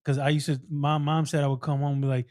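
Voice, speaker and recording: A young adult man hosting an interview, speaking casually with short affirmations and a relaxed "bro". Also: on the high side, quick pace, no echo, clean studio sound. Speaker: podcast host.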